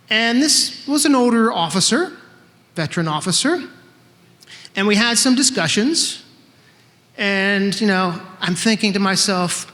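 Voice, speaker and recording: A man in his fifties stands on a hall stage at a live event, telling a true story with conversational wryness and performing snippets of dialogue. He's high-pitched and animated, speaking at a moderate pace with a fairly bright tone, with big-room acoustics.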